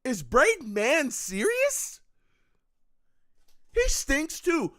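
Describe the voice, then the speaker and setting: Brief: male reaction-stream host, slow, exasperated, swings up and down in pitch, dry close mic. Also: sing-song, fairly bright tone, no room sound. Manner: exasperated, groaning, reads chat comments aloud. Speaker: live game reaction host. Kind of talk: live sports reaction stream.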